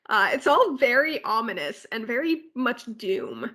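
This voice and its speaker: Podcast co-host, woman; bright, slightly high voice; rambling, filler-heavy walkthrough. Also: sing-song, a little slow, few pauses. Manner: rambling ride walkthrough with filler words and asides. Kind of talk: casual podcast chat.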